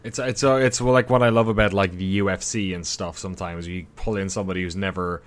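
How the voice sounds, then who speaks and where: Low-voiced joking podcast man. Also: fairly even intonation, quick pace. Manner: jokey, teasing banter. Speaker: podcast co-host. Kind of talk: casual chat.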